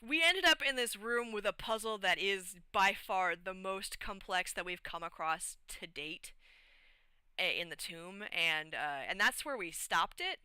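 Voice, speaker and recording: A woman streamer casually retelling a tabletop game session, animated and rambling with many fillers. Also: medium pitch, measured pace, clear, resonant tone, no echo. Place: home streaming setup.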